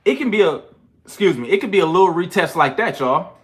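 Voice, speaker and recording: A man's voice: high voice, fast. A young man in a casual trading livestream, talking loose and slangy, out of breath after push-ups. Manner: loose, slangy and animated, counting push-ups between chart talk. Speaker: trading channel host.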